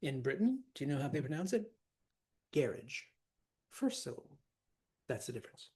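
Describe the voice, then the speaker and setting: A man teaching a class on verse, animated and laughing often, repeating words to stress them. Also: on the high side, fast talker, husky. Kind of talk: classroom lecture.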